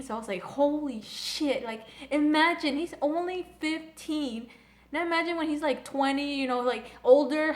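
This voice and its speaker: A young woman recapping and reviewing an anime episode in a casual, rambling, gushing fan manner. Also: on the high side. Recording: echoey room.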